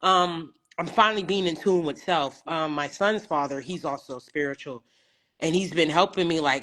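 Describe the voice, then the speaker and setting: A woman's voice: deep voice, normal speed, a bit bright. Emotional young woman rambling on a live call. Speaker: caller on a live stream. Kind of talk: casual chat.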